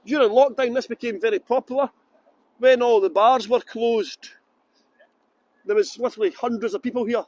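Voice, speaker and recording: A man's voice: extremely high pitch, steady tone, moderate pace, long pauses, a little mellow, no room sound. Chatty Scottish man guiding a tour. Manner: chatty, rambling, reads viewer comments aloud. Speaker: tour guide. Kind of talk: live walking tour, casual chat. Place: outdoors on a waterfront.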